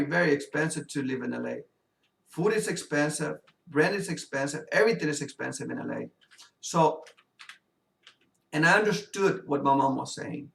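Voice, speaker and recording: A man tells a personal story in a loose, rambling way, stacking fillers as he games. His voice is very gravelly and a bit high. It sounds roomy, picked up from some distance. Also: a bit bright. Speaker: gamer and video host. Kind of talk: casual storytelling while gaming.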